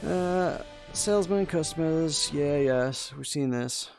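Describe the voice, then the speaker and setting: A man chatting through a let's-play session, musing aloud and reading the game's lines to his co-player. His voice sits a little high and carries a gravelly edge, with soft music playing behind. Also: slow, hardly any pauses. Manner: reads game text aloud, musing. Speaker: co-host playing a video game. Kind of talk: casual let's-play chat.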